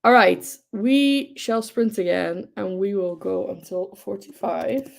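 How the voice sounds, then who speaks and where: A woman's voice: mid-range voice, slow pace, creaky. A young woman hosting a livestream, chatting casually and gushing with enthusiasm, with lots of fillers. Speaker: livestream host. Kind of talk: casual chat.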